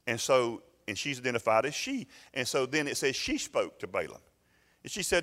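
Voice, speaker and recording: A man's voice: medium pitch, sing-song, normal speed, a bit bright. A man preaching a sermon as pastor, retelling a story and acting out its voices. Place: church sanctuary. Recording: long reverb in a church hall.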